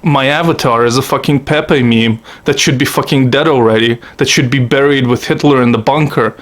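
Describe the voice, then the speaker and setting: A man hosts a comedy video, launching into a satirical monologue that plays out as a profane, sarcastic, mock-earnest rant. His voice is medium in pitch and his delivery brisk.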